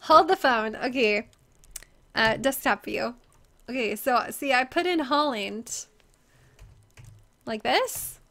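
Young American woman streamer with a high voice and a slow, laughing, self-mocking way of talking. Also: animated, sharp tone. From United States. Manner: giggly, flustered, self-deprecating. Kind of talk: casual live-stream chat.

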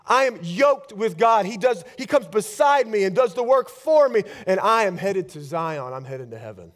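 Man, high voice, fervent pastor, church sermon, quick declarations. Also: very animated. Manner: emphatic preaching, rapid-fire declarations with rising intensity.

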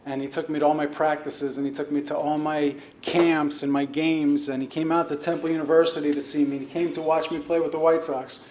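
A middle-aged man speaks into a podium microphone with a slightly high voice, chatty and self-deprecating as he accepts a hall of fame honor. His voice rings around a roomy banquet hall, with a faint hum of noise behind him. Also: flat delivery, fairly quick, few pauses, darkish tone.

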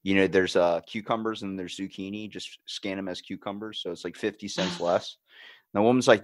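A man hosting a podcast in casual chat, telling stories with animated quoted voices and cursing. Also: sits low, brisk, hardly any pauses, dry recording. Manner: animated storyteller, acts out quotes, swears. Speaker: podcast host.

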